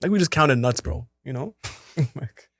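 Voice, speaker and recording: A man's voice: medium pitch, animated, moderate pace, fairly bright tone, dry recording, clean studio sound. Laid-back slangy young man podcaster. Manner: laid-back slangy, lots of "bro" and laughing. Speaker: podcast co-host. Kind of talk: casual chat.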